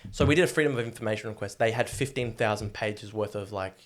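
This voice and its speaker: A man's voice: on the low side, fast talker. A young Australian man in his twenties, a guest telling his story in a rambling, casual way full of fillers and swearing.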